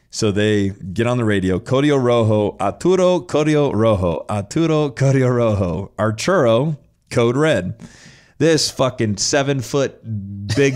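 A man's voice: lowish voice, a little mellow. A man telling his own story in a casual, blunt and profane way, acting out his past reactions as he goes.

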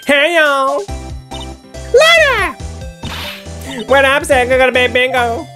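Woman putting on a southern drawl, brash cheeky photographer lady, folksy, high voice, faint music behind. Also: big pitch swings, takes it slowly, pushed and bright, exaggerated voice. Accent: put-on Southern US.

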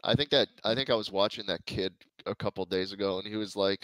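A man with a New York accent trades brash, profane jokes in casual gaming chat. His voice sits low and he delivers his teasing in a deadpan way. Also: fast, few pauses, no echo, poor audio. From United States. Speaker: streamer.

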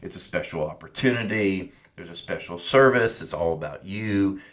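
A middle-aged podcast co-host with a deep voice speaks at a moderate pace, earnestly and reflectively recounting a personal story and acting out conversations from his past.

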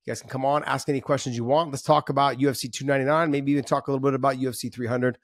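A man in easy, joking podcast chat, his voice mid-pitched and even. He is recorded close and dry, with no room sound. He talks freely and often cuts in over the others. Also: racing, no echo. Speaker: podcast co-host. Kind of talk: casual chat.

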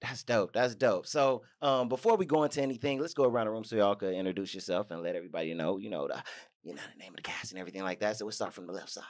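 A man hosting a podcast interview, energetic, laughing often and repeating his phrases. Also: fairly low pitch, racing. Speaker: podcast host. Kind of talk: casual interview.

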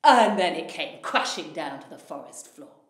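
A woman storyteller telling a folktale aloud in an animated way, swelling in loudness at the dramatic moments. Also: sits low, moderate pace. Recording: echoey room.

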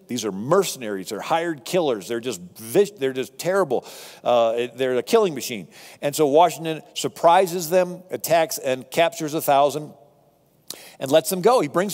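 Animated man telling history in a hall. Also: on the high side. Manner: animated, conversational storytelling with asides. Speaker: speaker on history. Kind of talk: storytelling lecture to a live audience.

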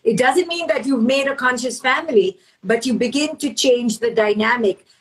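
A middle-aged woman speaking as a guest author in a conversational interview, fast and emphatic, sometimes acting out the voices she quotes. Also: sits high, husky, poor audio.

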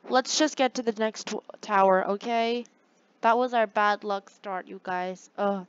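A woman giving casual commentary over her own gameplay, excitable and chatty with her viewers, gasping and groaning at every setback. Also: fairly high pitch, measured pace, clean tone, no room sound, lo-fi sound. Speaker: gaming channel host.

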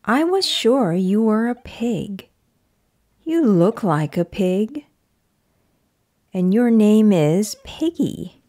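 A woman's voice: medium pitch, lively intonation, very slow, pauses often, dark tone. A woman voicing a cautious, worried male elephant who keeps asking puzzled questions, in a children's picture book read-aloud.

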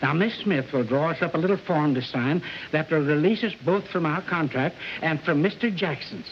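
A man's voice: a little high, normal speed, slight background noise, natural voice. An actor playing a flustered, blustering male record company boss in 1940s film style. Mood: coaxing. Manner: blustering, then coaxing. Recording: dull old film soundtrack.

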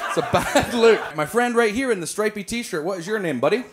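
A man's voice: sits high, animated, brisk. A Scottish man doing stand-up crowd work, teasing and profane, laughing as he talks. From Scotland. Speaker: stand-up comedian. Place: comedy club. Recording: live club mic with noise.

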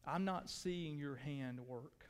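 Pastor, male, high voice, earnest sermon, drops hushed then pleads, echo-filled sanctuary. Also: slow pace, clean tone. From Texas. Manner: earnest, shifts between hushed tones and raised pleading. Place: church sanctuary. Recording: long hall reverb.

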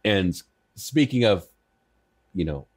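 A man with a fairly low voice, talking as a podcast guest. He chats casually and stumbles over his words as he restarts sentences. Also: expressive, slow, breathy edge. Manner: chatty, stammering restarts.

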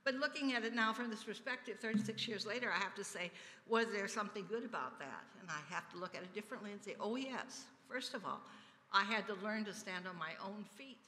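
A woman's voice: mid-range voice, a little fast. Older lady testifying at church, earnest storyteller, big echoey sanctuary. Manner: earnest storytelling with soft laughs. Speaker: church member giving a testimony. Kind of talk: personal testimony in worship.

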